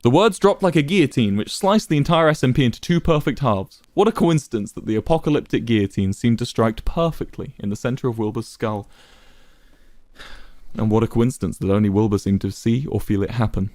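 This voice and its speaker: A man reading a dramatic story aloud with expressive, varied storytelling. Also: mid-range voice, a little fast, no echo, clean studio sound. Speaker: narrator. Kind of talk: dramatic fan fiction reading.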